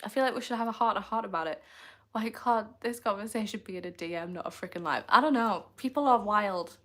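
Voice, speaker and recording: A woman's voice: mid-range voice, fairly quick, fairly bright tone. A woman, chatting casually on a livestream, answering comments in a playful, teasing way and laughing often.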